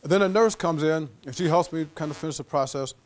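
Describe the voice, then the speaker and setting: Man, guest lecturer, storytelling, animated, a bit high-pitched, acts out voices. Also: fast talker.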